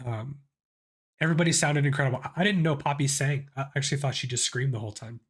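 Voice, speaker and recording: A man's voice: medium pitch, fast talker, a bit bright, breathy edge. A man in his thirties with a sick voice, hosting a casual music reaction and thinking aloud with many restarts. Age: 30s.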